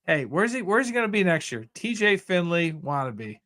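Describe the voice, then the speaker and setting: A man's voice: high-pitched, big pitch swings, moderate pace, sharp tone. A man co-hosting a sports podcast, talking in a casual, sarcastic way. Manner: sarcastic, mocking quoted voices. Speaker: podcast co-host.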